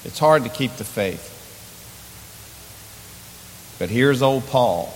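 A man's voice: mid-range voice, lively intonation, slow, in a large hall, a little hiss or hum. Impassioned male pastor preaching. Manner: impassioned, repetitive rhetorical questions. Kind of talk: sermon.

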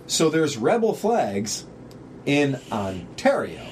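A man in a relaxed podcast chat, talking at a middling pitch with a sarcastic, profane streak. He rambles from story to story. A faint hiss hangs behind his voice. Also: takes it slowly. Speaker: podcast co-host. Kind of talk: casual chat.

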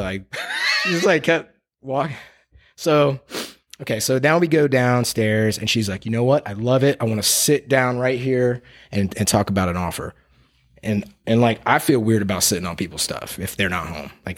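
Man, realtor, casual storytelling, lively up-and-down voice, slangy, laughing often. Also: lowish voice. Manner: animated, slangy, laughs a lot. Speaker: real estate agent.

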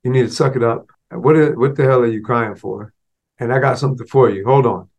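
A man voicing a stern, frantic mother who scolds her young son sharply. He raises his pitch well above his own voice to play her. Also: fairly quick, vocal fry. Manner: sharp and commanding.

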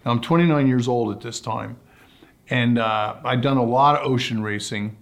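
A man who is a sailor and sailing commentator tells sailing stories as a guest in a podcast interview, relaxed and anecdotal, acting out quotes. His voice is mid-range at normal speed.

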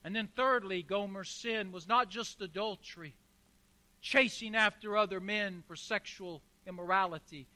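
A man's voice: high-pitched, normal speed, bright, forceful tone. A man preaching a sermon as pastor, emphatic, with rhetorical questions and repeated phrases.

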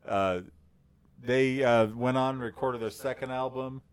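A man co-hosting a podcast with a baritone voice, telling a long story in a relaxed, rambling way with lots of fillers. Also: measured pace, smooth. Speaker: podcast co-host. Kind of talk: casual chat.

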